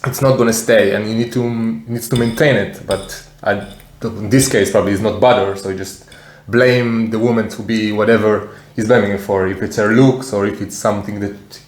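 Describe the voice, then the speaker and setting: A man's voice: lowish voice, steady tone, moderate pace. Hesitant man talking in a roomy echo. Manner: hesitant, restarts often, opinionated. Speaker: co-host, husband. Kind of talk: casual chat while eating.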